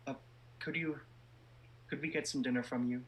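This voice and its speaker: A man plays a courteous woman adventurer in a tabletop game, hesitant and formal. The tone is bright at a middle pitch. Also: fairly even intonation, moderate pace, natural voice. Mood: polite.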